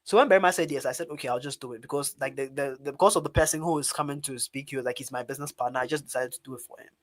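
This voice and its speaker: A man from Ghana with a Ghanaian English accent, telling a story as a public speaking trainer in an online webinar and talking straight to his audience in an animated way. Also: mid-range voice, very fast. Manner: animated, talks directly to his audience as "guys".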